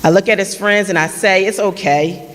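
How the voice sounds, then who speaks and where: In a church hall with long reverb, a forum speaker in their late thirties tells an earnest personal story, reenacting old conversations themselves. The voice is medium-pitched and fairly bright, with fairly even intonation at normal speed.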